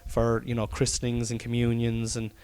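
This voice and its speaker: A man's voice: mid-range voice, completely flat delivery, normal speed, a little mellow, smooth. An Irish man, a comedian hosting a podcast, chatting casually at home, swearing often and rambling. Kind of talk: casual chat. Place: study by an open fire at home.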